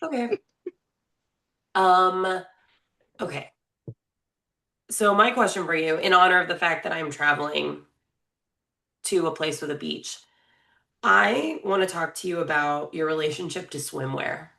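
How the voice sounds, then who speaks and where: A woman's voice: fairly low pitch, measured pace, vocal fry, pauses often, sharp tone. A woman in her thirties co-hosting a podcast, chatting casually and playfully, laughing often. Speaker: podcast co-host. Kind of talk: casual chat.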